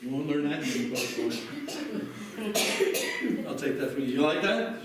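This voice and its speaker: A man's voice: medium pitch, lively intonation, moderate pace, a crowd in the background. A man with an American accent performing a live stage hypnosis show, giving soothing, repetitive commands. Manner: soothing commands, repeats phrases. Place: library event room. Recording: echoey hall from far off.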